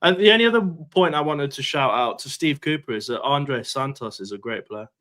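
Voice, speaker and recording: A man's voice: medium pitch, lively intonation, brisk, bright, forceful tone. Blunt teasing man on a fan panel. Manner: blunt, dry teasing remarks. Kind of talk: live fan show panel chat.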